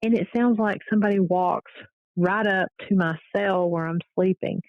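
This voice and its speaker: A woman paranormal investigator, a guest on the show, telling her stories in a casual, animated way. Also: medium pitch, moderate pace, no room sound. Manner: animated storytelling, fillers and restarts. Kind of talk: casual interview storytelling. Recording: dull lo-fi audio.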